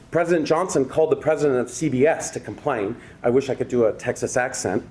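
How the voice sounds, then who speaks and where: A man's voice: mid-range voice, animated, brisk, mellow, slight background noise. A man giving a university lecture, reading a prepared text and breaking off with conversational asides to the audience. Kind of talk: academic public lecture.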